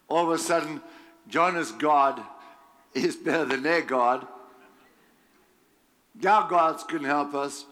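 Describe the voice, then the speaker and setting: A man's voice: fairly high pitch, a bit bright. A man preaching a sermon, reading scripture aloud and adding his own emphatic remarks with frequent chuckles. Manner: slow, emphatic delivery with chuckles.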